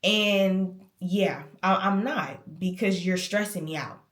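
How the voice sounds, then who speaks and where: A woman's voice: mid-range voice, slow pace. Candid young woman vlogger, roomy sound. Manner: emphatic, candid, chatty. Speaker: lifestyle vlogger. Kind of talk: casual chat to camera. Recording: roomy echo.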